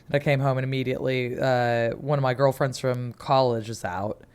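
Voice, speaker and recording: A man's voice: medium pitch, steady tone, brisk, clean tone. Chatty man in his forties. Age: 40s. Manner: chatty, rambling, swears offhandedly. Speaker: podcast co-host. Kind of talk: casual chat.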